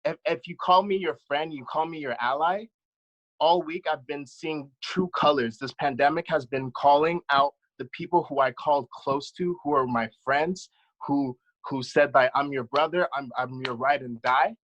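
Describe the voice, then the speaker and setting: A man's voice: fairly high pitch, moderate pace, a bit bright, highs cut off. A man in his thirties, a dance choreographer, giving an earnest, impassioned account as a panelist over a video call. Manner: earnest, impassioned, speaks from the heart.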